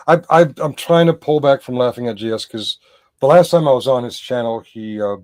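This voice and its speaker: A man hosting a livestream and reacting to a clip in loose, chatty commentary. His voice sits at an ordinary middle pitch, and he wanders and backtracks as he talks to his chat. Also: darkish tone. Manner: rambling, self-correcting, talks to his chat.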